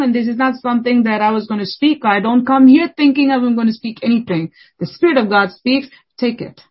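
A woman's voice: on the high side, husky, dull audio. A woman preaching a fervent, scolding sermon, repeating lines for emphasis.

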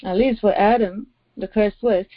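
A woman's voice: medium pitch, steady tone, moderate pace, dry recording. A woman pastor preaching a sermon, stressing her points by repeating phrases. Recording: dry, dull lo-fi audio.

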